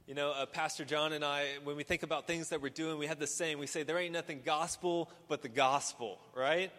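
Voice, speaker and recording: A male pastor delivering a sermon, building from quiet reflection to emphatic, repeated preaching. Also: fairly high pitch, fairly even intonation, a little fast. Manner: rising to emphatic, repetitive preaching. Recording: long hall reverb.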